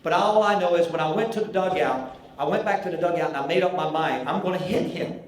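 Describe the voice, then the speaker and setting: A man's voice: fairly high pitch, fast talker. Southern man telling folksy stories in an echoey hall. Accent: Southern US, North Carolina. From Charlotte, North Carolina. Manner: folksy, animated anecdote-telling. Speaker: banquet keynote speaker. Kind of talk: after-dinner storytelling speech. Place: large banquet hall. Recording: echoey banquet hall with faint ambience.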